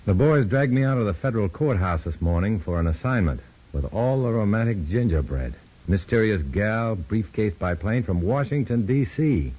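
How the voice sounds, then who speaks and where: A man's voice: lowish voice, animated, moderate pace, breathy edge. A man playing a dry, wisecracking undercover agent in an old radio drama. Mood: wry. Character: wry, tough male undercover agent. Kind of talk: 1950s radio drama acting. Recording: dull lo-fi old radio recording with faint hiss.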